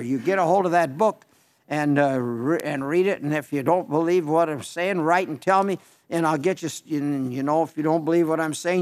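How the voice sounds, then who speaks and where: High-voiced older folksy preacher man. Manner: folksy, emphatic storytelling with repeated phrases. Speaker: radio preacher. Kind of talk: folksy radio sermon answering listener letters.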